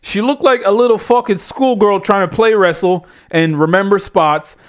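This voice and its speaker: Man, high voice, wrestling reviewer, profane rant, blunt and exasperated. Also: moderate pace. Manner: blunt, exasperated, swears constantly.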